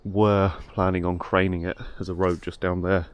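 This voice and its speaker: A man's voice: sits low, flat delivery, moderate pace. A man working as a tree surgeon, giving a matter-of-fact, casual rundown of the job. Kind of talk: casual vlog narration. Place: outdoor work site. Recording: noisy outdoor recording.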